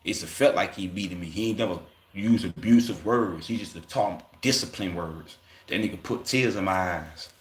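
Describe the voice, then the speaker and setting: A man's voice: deep voice, moderate pace, echoey room. A man hosting a livestream, talking casually in loose, profane street slang and acting out quoted voices as he goes. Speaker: livestream host.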